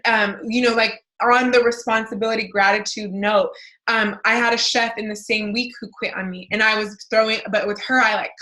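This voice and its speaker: A woman's voice: medium pitch, bright, forceful tone, poor audio. A woman in her thirties giving a casual motivational talk as a life coach, chatty with many fillers and restarts.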